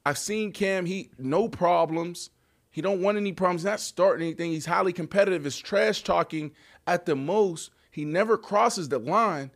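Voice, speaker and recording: A man hosting a casual sports podcast, talking in an animated way and laughing often as he calls people out playfully. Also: sits high, normal speed. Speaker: podcast host.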